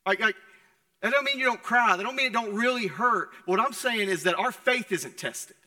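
A young adult man preaching a sermon in a conversational way, moving between loud and hushed passages. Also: sits high, moderate pace, long reverb tail. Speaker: pastor. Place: church sanctuary.

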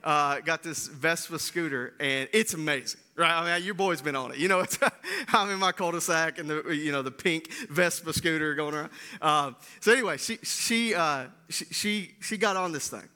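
A man preaching a sermon, swinging between loud bursts and hushed lines, often asking "right?". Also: on the high side, moderate pace. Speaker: pastor.

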